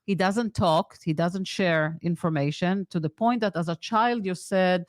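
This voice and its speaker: A woman's voice: fairly low pitch, a little slow, no room sound, studio quality. A woman from Israel, a therapist guest telling a story in an interview and acting out the quoted dialogue. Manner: animated, acts out quoted dialogue. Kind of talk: conversational storytelling.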